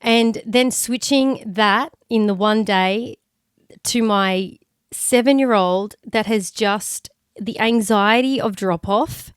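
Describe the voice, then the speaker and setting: A woman's voice: medium pitch, slow pace, clear, resonant tone, no echo, clean studio sound. A woman, co-hosting a podcast as a mum, talking candidly and emotionally and swearing freely. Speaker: podcast co-host. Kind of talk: casual chat.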